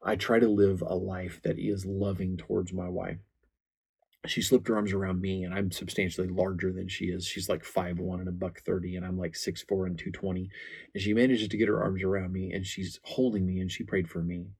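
A man's voice: low voice, level tone, brisk, creaky, a little mellow, slightly rough. A man in his forties giving an earnest, candid talk about marriage from faith, telling stories with frequent restarts.

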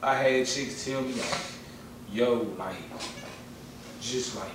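Slangy dude rambling on a podcast, far from the mic, super echoey room. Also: male voice, medium pitch, takes it slowly, background noise. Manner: slangy, rambling, repeats himself. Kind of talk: casual chat.

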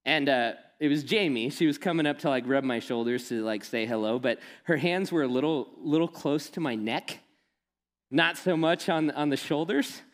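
A man's voice: fairly high pitch, moderate pace. A man giving a sermon, telling stories and mixing in casual humor. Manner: storytelling, animated and laughing when quoting friend. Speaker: pastor. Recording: long hall reverb.

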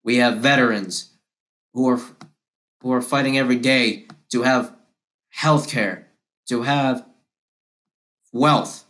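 Slow, fiery man. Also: mid-range voice, fairly bright tone. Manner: impassioned, repetitive and combative. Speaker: podcast host. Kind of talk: political monologue.

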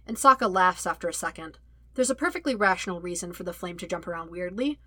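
A woman narrating a fan-fiction audiobook with a lively, wry storytelling manner. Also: fairly low pitch, dry recording. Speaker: audiobook reader.

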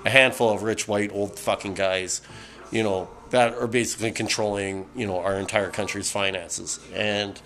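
This podcast host is a middle-aged man from Canada with a lowish, steady, fairly bright voice at normal speed. He's a bit tipsy from beer and goes on a profane, rambling rant packed with fillers and false starts.

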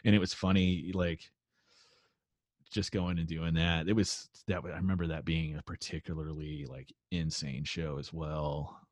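Deep-voiced man telling a rambling story. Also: little pitch movement, moderate pace, no echo. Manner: rambling, profane, laid-back storytelling with many fillers. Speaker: musician guest. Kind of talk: casual storytelling chat.

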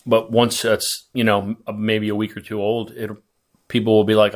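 A man co-hosting a casual chat, talking in a measured, hesitant way with frequent ums. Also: fairly low pitch, flat delivery.

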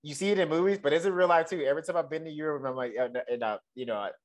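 Brief: young Southern man, podcast co-host, loose and profane, quick to laugh. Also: on the high side. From Texas. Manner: animated, swears freely, laughs often. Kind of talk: casual chat.

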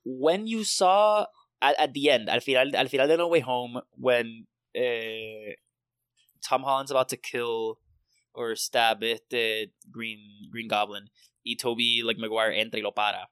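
A man chatting casually as a host, circling his point with restarts and a loose sprinkle of swearing. His voice sits at an ordinary middle pitch. It is recorded close and dry, with no room sound. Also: steady tone, a little slow, a bit bright, smooth, dry recording. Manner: rambling, restarts often, swears freely. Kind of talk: casual chat.

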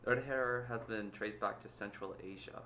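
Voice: medium pitch, moderate pace, fairly bright tone. A young player in a tabletop game, hesitant and thinking aloud. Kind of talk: casual tabletop play. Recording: echoey room, faint noise.

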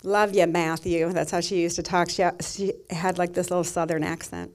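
A woman's voice: on the low side, flat delivery, brisk, darkish tone. A middle-aged woman pastor giving a sermon, telling a personal story in a tender, emotional way.

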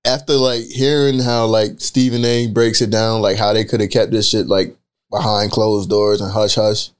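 A man's voice: on the low side, little pitch movement, moderate pace, clear, resonant tone. A young man co-hosting a podcast in casual chat, laid-back and steering the talk with questions. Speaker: podcast co-host.

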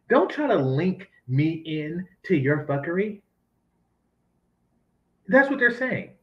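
A man's voice: a little high, highs cut off. A man ranting in sarcastic, profane commentary as he reacts to news clips. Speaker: commentary host.

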